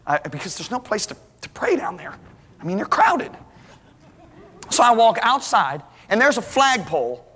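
Animated guy preaching, bright high voice, long hall echo, acts out every line. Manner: animated, acts out dialogue, restarts. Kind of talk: storytelling sermon. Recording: hall reverb.

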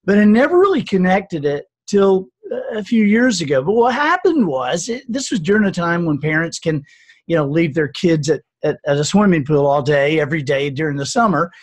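A man's voice: fairly high pitch, sing-song, normal speed. A man in his sixties, an author and speaker, telling an earnest, reflective story in a podcast interview.

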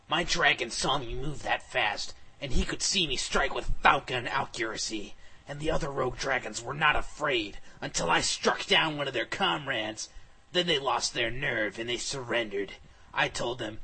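A man giving a comic, mock-dramatic reading of fan fiction, sometimes bursting into shouts. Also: medium pitch, animated, moderate pace, slightly rough. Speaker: reader.

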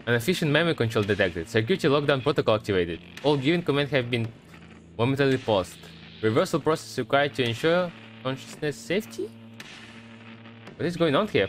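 An expressive, fairly quick mid-range voice belongs to a gameplay streamer doing horror let's-play commentary, jumpy and cursing while reading on-screen text aloud. Soft music plays underneath, and the recording is rough.

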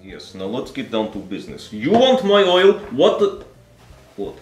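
Man playing a gruff foreign president, halting speech, lively pitch, echo, faint music. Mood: scheming. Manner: halting, thick put-on foreign English. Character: gruff male foreign president fond of vodka.

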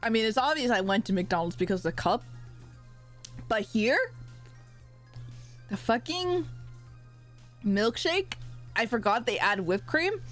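Young woman streamer chatting while she eats, kinda high voice, jokey, swears a bit, faint music behind. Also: animated, measured pace, long pauses. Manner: playful and joking, reads out and thanks chat, swears casually. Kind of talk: casual live-stream chat while eating. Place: home, eating on camera.

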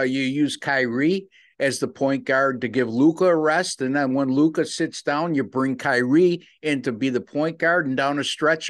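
A man's voice: medium pitch, a bit bright, no room sound, clean studio sound. A man co-hosting a sports betting podcast, talking casually with plenty of fillers and easy agreement. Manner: conversational, filler-heavy, agreeable.

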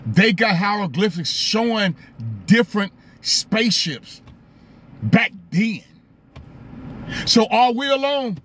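A man's voice: high-pitched, lively intonation, takes it slowly, long pauses, fairly bright tone, slight background noise. A man hosting a live stream, talking casually, greeting viewers by name and asking them rhetorical questions.

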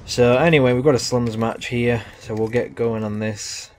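A man's voice: mid-range voice, fairly even intonation, moderate pace, slight background noise. A young man giving casual, rambling live commentary over a shooter game, chatty and self-deprecating. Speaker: gaming commentator.

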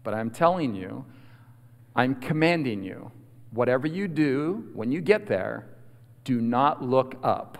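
A man voicing a calm, loving elderly grandmother, speaking low, hushed and unhurried. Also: vocal fry. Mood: calmly commanding. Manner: low, hushed, slow and steady. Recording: long hall reverb.

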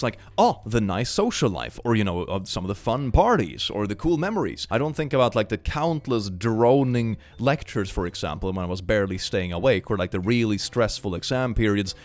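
Young man reacting to clips, with an expressive, swinging pitch and a wry, chatty delivery. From Sweden. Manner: chatty, wry, laughs often. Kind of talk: casual commentary.

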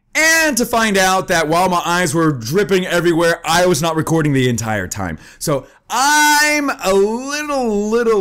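A young man giving joking gaming commentary while eating wasabi, groaning and yelping, his voice strained from the spice. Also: fairly high pitch. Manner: excitable, joking, yelps and groans from spicy food. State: eyes watering, voice strained from wasabi. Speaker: gaming YouTuber.

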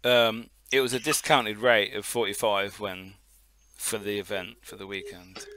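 A man's voice: on the low side, steady tone, measured pace, pushed and bright. A man co-hosting a casual podcast, telling a long story in a rambling way and swearing often. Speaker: podcast co-host.

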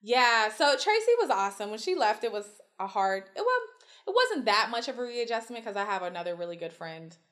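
A woman guest telling stories in casual chat, animated and swearing freely as she acts out quotes. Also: on the high side, fairly quick. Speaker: podcast guest.

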